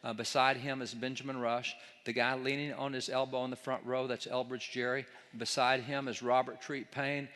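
A man's voice: medium pitch, fairly bright tone, big-room sound. A man giving an emphatic lecture with slides to an audience, asking rhetorical questions and mocking opposing views. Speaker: speaker on history.

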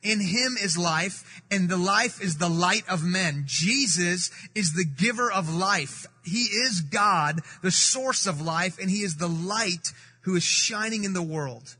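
A man from the Middle East preaching a sermon to a congregation. He speaks emphatically, repeats key phrases and slows down to read scripture. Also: high-pitched, bright, forceful tone, breathy edge. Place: church sanctuary. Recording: reverberant hall.

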